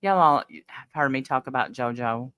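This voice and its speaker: Low-voiced chatty woman streaming live. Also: normal speed, a bit bright, no room sound. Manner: chatty, blunt, talks back to chat. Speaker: livestream host. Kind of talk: casual live chat reading comments.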